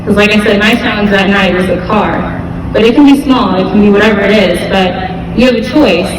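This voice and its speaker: A young woman gives a relaxed, heartfelt talk to a school audience, with many fillers and repeated words. She sounds distant from the mic, with long reverb from a large hall and a steady noisy background. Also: mid-range voice, fairly quick. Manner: casual, earnest, with fillers and repeats. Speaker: guest speaker at a school event. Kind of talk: motivational talk to students. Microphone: distant camera mic. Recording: echoey gym, far from the mic.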